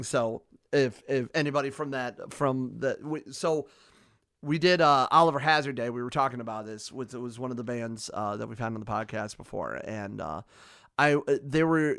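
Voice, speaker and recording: A young man with a Midwestern American accent hosts a podcast, telling stories loosely during a casual interview chat, full of restarts and fillers. His mid-range voice is a bit bright, recorded dry with clean studio sound.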